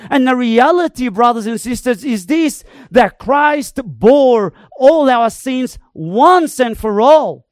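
Slow, animated preacher with dramatic swings. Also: medium pitch, dry recording, studio quality. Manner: emphatic, dramatic, varies loudness and tempo. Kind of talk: sermon.

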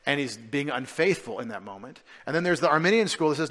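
A male pastor giving a conversational sermon, full of rhetorical questions and restarts, swinging between emphatic points and quiet asides. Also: fairly high pitch, animated, fast, hardly any pauses. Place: church.

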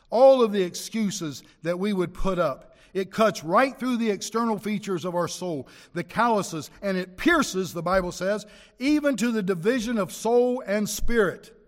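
A man preaching a sermon, emphatic, slowing down to press home key words. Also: high voice, animated, long reverb tail.

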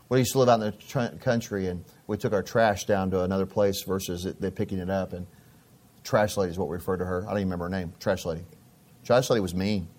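A middle-aged male pastor delivers his sermon in a somewhat low voice. He talks like he's chatting with friends, spinning stories and doubling back on his words. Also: darkish tone. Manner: conversational storytelling, repeats phrases.

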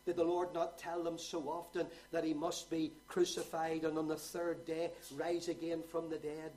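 A man preaching a sermon, moving from quiet explanation to loud, rising exhortation. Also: on the high side, monotone, moderate pace, a little hiss or hum, low-quality recording.

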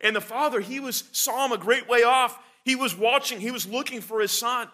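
A man preaching a sermon, earnest and halting, with many fillers and restarts. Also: very high-pitched, pushed and bright.

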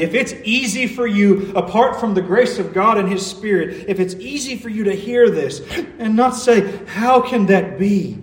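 A man preaching a sermon as pastor, earnest, building to emphatic peaks. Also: high-pitched. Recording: echoey hall, mic at a distance.

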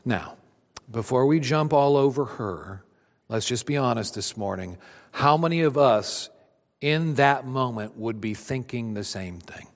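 A man preaching a sermon with animated delivery, acting out voices of the figures he tells about. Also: mid-range voice, a little slow, in a large hall. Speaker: pastor.

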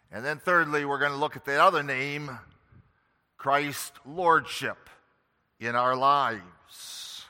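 A man preaching a sermon slowly and emphatically, pressing hard on key words. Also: fairly high pitch, bright, forceful tone, big-room sound. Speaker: pastor.

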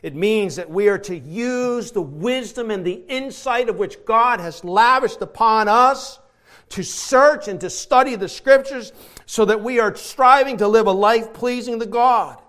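Preacher, male, high voice, fervent sermon delivery with big dynamic swings. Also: unhurried. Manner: emphatic, swings from quiet to shouting.

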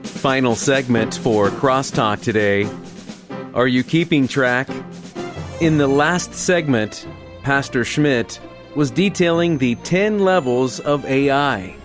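A man hosting a radio show, introducing a segment in a slow, measured way. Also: mid-range voice. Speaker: radio host. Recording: music bed behind voice.

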